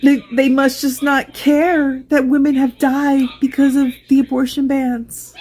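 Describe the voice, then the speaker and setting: A woman's voice: high-pitched, little pitch movement, a little slow, hardly any pauses, mellow. A woman speaking earnestly and emphatically about feeling hurt, in a personal vlog.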